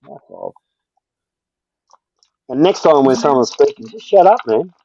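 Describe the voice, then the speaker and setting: A man's voice: on the high side, lively intonation, fairly quick, warm tone, no room sound. An Australian man in heated, profane live-stream banter, combative and talking over others, on dull lo-fi stream audio. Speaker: livestream panel guest.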